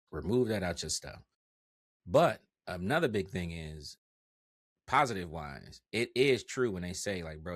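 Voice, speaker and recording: A young man, a content creator guest on a podcast, telling stories in a lively, slangy way and swearing freely. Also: low voice, no echo, clean studio sound. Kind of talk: casual podcast chat.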